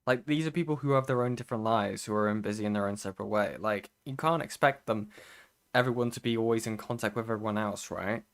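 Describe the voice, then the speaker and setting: A man's voice: lowish voice, quick pace. A man streaming commentary, talking bluntly and casually, swearing often and laughing at his own exasperation.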